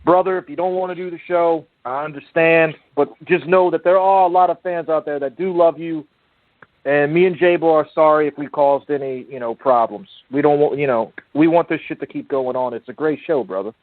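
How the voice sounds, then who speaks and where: A man with a fairly high voice co-hosts an online talk show, talking in a rambling, profane but earnest way. The sound is bone dry and squeezed thin, as if through a phone line. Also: a little fast, no room sound. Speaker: podcast co-host. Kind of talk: casual chat. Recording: tinny phone-line audio.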